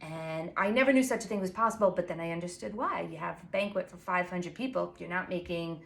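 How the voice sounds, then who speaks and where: Long Island pastry chef in her 40s, quick and chatty, a bit low-pitched, easy teaching tone. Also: creaky, a bit bright. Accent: Long Island New York. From Long Island, New York. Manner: fast, chatty and self-apologetic, with frequent fillers. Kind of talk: casual instructional talk to camera.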